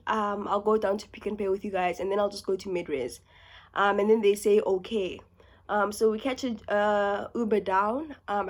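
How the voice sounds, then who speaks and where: A young South African woman tells a story in a casual vlog, her voice pitched a little high. She talks fast and with lots of energy, dropping into whispers for asides. She sounds a little under the weather. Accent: South African English. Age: young adult. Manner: fast, animated, dips into whispers and laughs. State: sick. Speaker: YouTuber.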